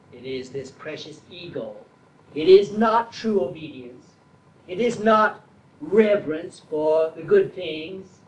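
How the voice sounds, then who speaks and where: A man preaching a sermon slowly and deliberately, building to emphatic, repeated declarations. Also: high voice, roomy sound, recorded from a distance, slight background noise, rough recording. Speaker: traditionalist Catholic preacher.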